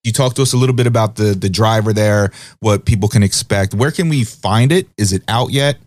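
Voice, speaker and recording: Laid-back male host, lowish voice, dry close sound, casual questions. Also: a little fast, no room sound. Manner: relaxed, easygoing questions. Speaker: podcast host. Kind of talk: casual interview.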